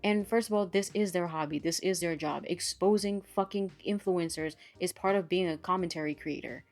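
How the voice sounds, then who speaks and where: A woman's voice: lowish voice, moderate pace, soft background music. A woman hosting a commentary channel, ranting bluntly and swearing freely in a fed-up tone. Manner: blunt, profane, exasperated ranting. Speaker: commentary host.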